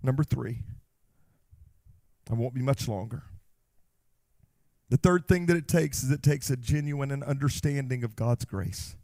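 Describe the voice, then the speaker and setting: A male pastor preaching a sermon in an impassioned way, swelling to shouts and slowing on key phrases. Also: on the high side, gravelly, dry recording. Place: church.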